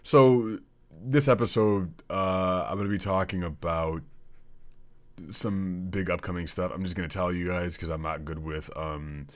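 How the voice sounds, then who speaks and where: A man's voice: low-pitched, steady tone, unhurried. A man hosting a comedy podcast, rambling through a profane, jokey monologue. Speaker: podcast host.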